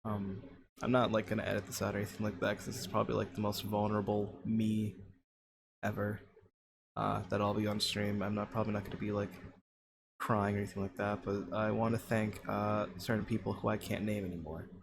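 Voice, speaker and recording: A man in his twenties speaks to his stream audience in a halting, self-conscious way, with frequent pauses and fillers. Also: lowish voice, flat delivery, gravelly, background noise. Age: 20s. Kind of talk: casual heartfelt stream talk.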